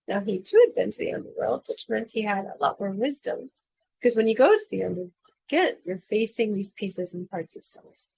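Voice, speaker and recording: A woman podcast host retelling an ancient myth in a dramatic, expressive way. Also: mid-range voice, creaky, no echo, rough recording. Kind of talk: storytelling a myth.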